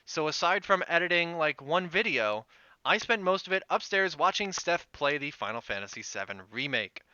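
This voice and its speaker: A man co-hosting a gaming podcast in casual chat, talking in lively quick bursts, with a head cold. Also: a little high, slight background noise. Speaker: podcast co-host. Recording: dry, slightly dull remote stream.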